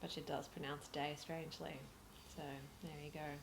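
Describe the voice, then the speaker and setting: A woman's voice: low-pitched, level tone, moderate pace, gravelly, background noise. A woman, co-hosting a podcast and commenting in a wry, teasing way. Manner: wry, teasing, laughs often. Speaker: podcast co-host. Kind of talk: casual commentary chat.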